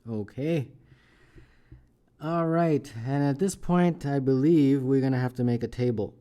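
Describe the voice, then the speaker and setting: Mellow-voiced man tutoring math aloud. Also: mid-range voice, steady tone, unhurried. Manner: thinks aloud while working problems, often adds "right?".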